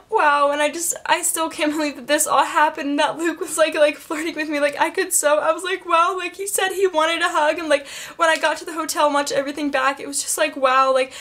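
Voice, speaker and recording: A woman's voice: high voice, a bit bright. A teenage girl vlogging, gushing with many fillers and close to tears. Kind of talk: emotional casual vlog.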